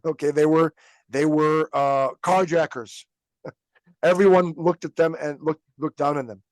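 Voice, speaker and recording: In a casual religious lesson on his podcast, a man tells religious history as a story, performing quotes and laughing now and then. He speaks unhurriedly in a fairly high, steady voice, with no echo.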